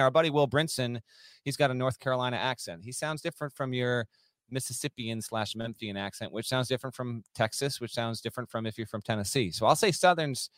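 A man's voice: mid-range voice, a bit bright, no room sound, clean studio sound. A man co-hosting a sports podcast, joking and bantering casually. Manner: playful, joking, quick banter. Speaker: podcast co-host.

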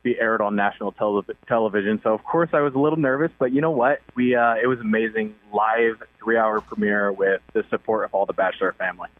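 Young male phone guest, easygoing and upbeat, lower voice over a dry, tinny line. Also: fast talker, few pauses, no echo. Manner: easygoing, upbeat, with many fillers. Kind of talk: casual phone interview.

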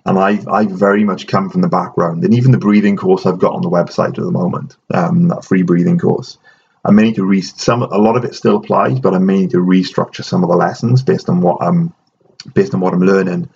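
A man's voice: fairly even intonation, fairly quick, vocal fry, a little mellow, slightly rough. A man hosting a casual podcast chat, explaining with frequent restarts. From Ireland. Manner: chatty, restarts often, explaining. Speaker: host. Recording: dull low-fidelity audio with faint noise.

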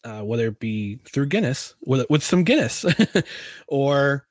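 A man's voice: mid-range voice, animated, measured pace, dry recording. Dry-sounding rambling male podcast host. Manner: rambling, with many restarts and laughs. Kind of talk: casual podcast chat answering listener questions.

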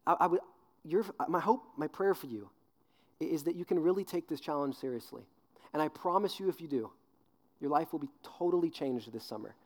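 A man in his twenties preaching a sermon, telling an animated story with acted-out voices, then dropping low and earnest on serious points. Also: a little fast. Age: 20s. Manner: animated storyteller, acts out voices with big pitch jumps. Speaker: youth pastor.

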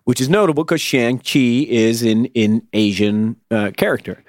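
A man co-hosting a podcast in a relaxed, joking chat, often restarting his sentences. His voice sits at an ordinary middle pitch. The studio sound is close and dry. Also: moderate pace, dry recording. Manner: chatty, hesitant restarts, playful. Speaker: podcast co-host. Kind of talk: casual chat. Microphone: studio microphone.

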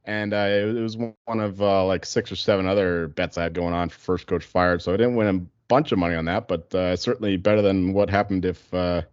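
A man co-hosting a casual sports podcast, ranting loudly and swearing freely. The sound is dry and close, with a dull, lo-fi tone. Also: low-pitched, a little fast, hardly any pauses, clean tone, dry recording. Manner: profane, ranting, animated. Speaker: podcast co-host.

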